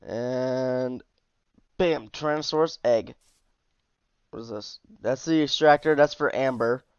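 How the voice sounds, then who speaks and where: A man's voice: mid-range voice, a little slow, clean tone, no echo, highs cut off. Tired, chatty man reviewing a game mod. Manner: chatty, easygoing, with asides and trailing off. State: tired, yawning. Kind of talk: casual gameplay commentary.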